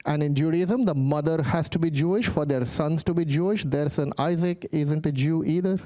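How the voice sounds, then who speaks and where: A man with an Indian accent tells a long stand-up story on stage, switching into the voices of the people he describes. His voice sits a little high, yet its tone stays dark and mellow. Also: normal speed. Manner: animated, acts out voices in his stories. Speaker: stand-up comedian. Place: stage before a live audience.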